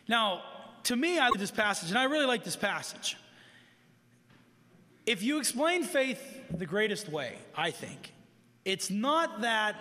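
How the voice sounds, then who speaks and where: A man's voice: sits high, very animated, moderate pace, bright, forceful tone, in a large hall. A man preaching a sermon in an earnest, conversational way, stressing points through repetition, speaking to people in a room. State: living with heart disease, tires easily. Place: room with an audience.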